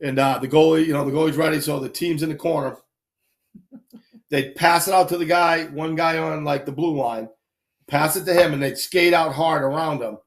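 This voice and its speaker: A man casually telling animated anecdotes on a live stream, acting out quick voices as he goes. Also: a little high. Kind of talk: casual storytelling.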